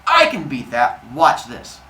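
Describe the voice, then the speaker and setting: A male teacher voicing a playful, eager young Titan goddess with high, squealing excitement. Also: takes it slowly, a little hiss or hum, exaggerated voice. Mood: teasing. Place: classroom. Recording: echoey room, distant mic.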